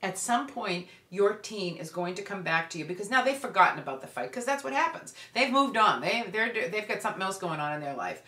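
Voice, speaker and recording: A woman's voice: medium pitch, animated, fairly quick, hardly any pauses, sharp tone. A woman parenting coach giving earnest, direct advice to parents. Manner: earnest, direct, acts out examples. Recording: roomy echo.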